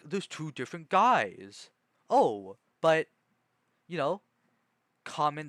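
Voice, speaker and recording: Male streamer, slow rambling chat, bright voice, dry close sound. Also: medium pitch, dry recording. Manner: rambling, self-correcting, many "you know"s. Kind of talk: casual chat while reading a book aloud.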